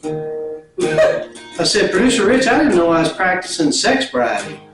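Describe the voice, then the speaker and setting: A man's voice: high voice, huge pitch swings, measured pace, fairly bright tone. A man performing stand-up comedy in a mock-preacher style, breaking into song over guitar. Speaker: comedian guest. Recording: roomy, a little distant from the mic, with guitar.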